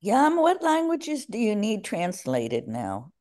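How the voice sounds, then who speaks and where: A woman's voice: mid-range voice, wildly swooping pitch, slow pace, darkish tone. A woman in an online meeting talking in a playful, coaxing way, drafting others to help. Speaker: meeting participant. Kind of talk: casual online meeting talk.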